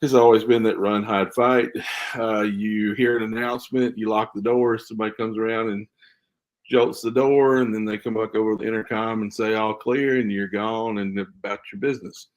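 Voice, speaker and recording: Earnest man with a fairly low voice. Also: little pitch movement, moderate pace. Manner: earnest, emphatic explaining. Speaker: guest, school safety trainer. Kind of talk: casual podcast interview.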